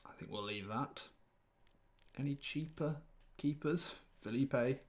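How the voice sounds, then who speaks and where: A man's voice: mid-range voice, slow. A man, rambling chattily through live gameplay commentary while greeting chat viewers. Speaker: game streamer.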